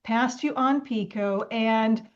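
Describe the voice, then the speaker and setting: A woman hosting a film podcast, enthusiastic and quick to laugh as she interviews her guest. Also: fairly high pitch. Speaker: podcast host. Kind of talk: casual interview chat. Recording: muffled lo-fi audio.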